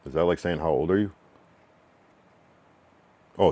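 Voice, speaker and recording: A man's voice: low-pitched, dark tone, a little hiss or hum. A man from New England streaming live, reading his chat aloud and answering it in a frank, loose, slang-filled way. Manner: drawn-out slang-filled musing with many fillers. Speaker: livestreamer giving feedback to chat. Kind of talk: casual livestream chat.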